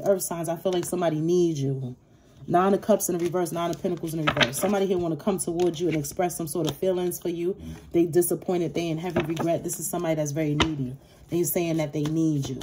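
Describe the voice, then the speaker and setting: Woman, deep voice, blunt and profane, casual tarot reading, noisy home recording. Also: quick pace. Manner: blunt, profane, streetwise, talks straight to viewers. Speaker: tarot reader. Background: card shuffling.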